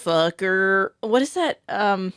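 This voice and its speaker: Giggly, fairly high-voiced woman. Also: lively intonation, normal speed, no echo. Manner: giggly, playful, quotes and hums bits of songs. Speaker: podcast co-host. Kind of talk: casual chat.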